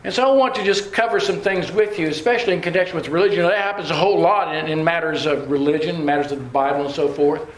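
Male preacher, homespun chuckling storyteller, high voice, echoey room with faint hiss. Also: fast, hardly any pauses. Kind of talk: sermon with folksy storytelling. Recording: roomy hall with faint ambience.

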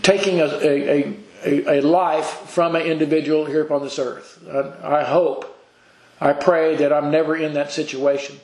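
Man, preacher, high voice, earnest, halting restarts, reads scripture, roomy echo. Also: fairly even intonation. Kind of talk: sermon. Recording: echoey room.

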